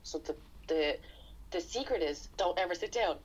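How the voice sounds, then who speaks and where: A woman's voice: lowish voice, animated, normal speed, over a noisy crowd. A woman, co-hosting a podcast in frank, casual chat, laughing often. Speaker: podcast co-host. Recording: dull lo-fi podcast recording.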